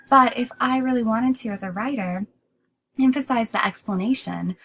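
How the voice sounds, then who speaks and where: A woman's voice: mid-range voice, a little hiss or hum, rough recording. A woman teaching a writing class in a recorded lecture, explaining steadily and often restarting with "so".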